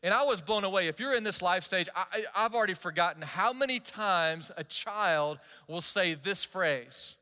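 A man in his forties, a pastor delivering an animated, conversational sermon and putting direct questions to his listeners. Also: high-pitched, moderate pace, few pauses, in a large hall.

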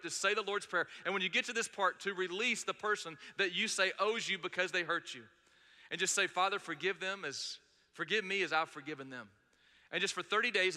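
Male pastor, sermon, high voice, sharp and bright, long reverb in a large church. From North Georgia. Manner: conversational storytelling with frequent fillers.

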